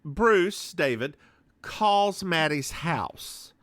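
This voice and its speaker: A man's voice: a little high, drawn-out words, no room sound. A man co-hosting a podcast, chatting casually as he recaps a TV episode, slipping into voices for quotes and swearing freely. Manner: animated, acts out quotes in voices. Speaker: podcast co-host.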